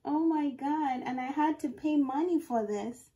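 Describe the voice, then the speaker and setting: Excitable high-voiced young woman vlogger. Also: measured pace. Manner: excitable, exclaiming, narrating her own actions to viewers. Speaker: wig review vlogger. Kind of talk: casual self-talk while doing a wig install. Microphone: phone camera.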